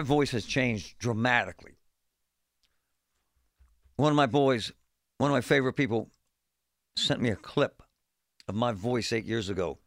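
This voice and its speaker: A man's voice: medium pitch, expressive, a little slow, long pauses, a bit bright, no room sound, clean studio sound. A man hosting a talk radio show, speaking bluntly in a fed-up, folksy way. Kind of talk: opinionated talk radio monologue. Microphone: studio microphone.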